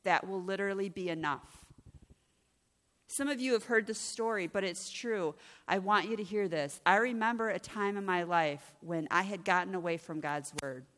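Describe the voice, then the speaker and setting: A middle-aged woman giving a personal testimony as a ministry director, telling her story with animated, acted-out dialogue. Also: medium pitch, moderate pace. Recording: long reverb of a large hall.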